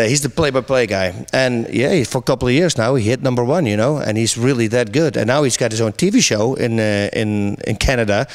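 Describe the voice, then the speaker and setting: Animated middle-aged man telling stories. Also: medium pitch. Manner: animated storyteller, laughs often, many restarts. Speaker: interview guest, MMA commentator. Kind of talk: casual interview chat.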